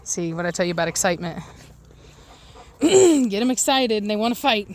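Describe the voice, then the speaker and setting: A woman's voice: mid-range voice, lively intonation, moderate pace. A woman dog breeder chatting casually outdoors in her yard, rambling and admiring as she films her dogs. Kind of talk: casual vlog commentary.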